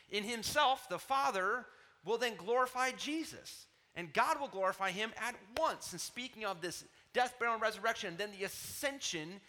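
A man preaching a sermon from scripture, with emphatic peaks and soft, tender asides. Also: high-pitched. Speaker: pastor.

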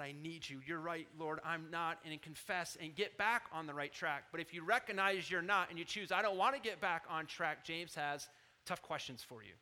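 Preaching with animation, this thirty-something pastor gets loud on his scripture quotations, then lowers his voice to a confiding tone.

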